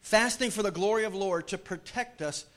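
A man preaching a sermon to his congregation in a church, joking with the crowd and swinging from loud calls to hushed pleading. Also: high-pitched, normal speed. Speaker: pastor. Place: church sanctuary.

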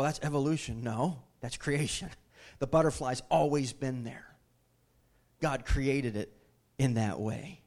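A male pastor, preaching a sermon that moves from easy teaching to fervent, raised delivery. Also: mid-range voice. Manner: builds from conversational teaching to impassioned raised preaching.

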